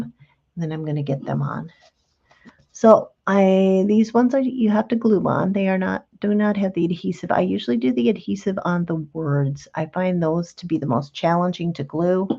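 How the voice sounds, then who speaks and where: A woman's voice: fairly low pitch, a little mellow, muffled recording. A woman hosting a craft tutorial, talking patiently and chattily through each step while she works with her hands. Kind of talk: relaxed step-by-step craft demonstration.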